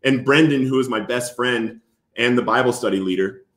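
Male guest, earnest and halting storyteller, mid pitch, echoey room sound. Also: a bit bright. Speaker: interview guest. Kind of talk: personal recovery story.

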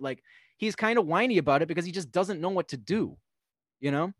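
Animated man riffing on a film. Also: a little high, a little fast, no echo, clean studio sound. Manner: rambling, animated, acts out characters' lines. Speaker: podcast guest. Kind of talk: casual film discussion.

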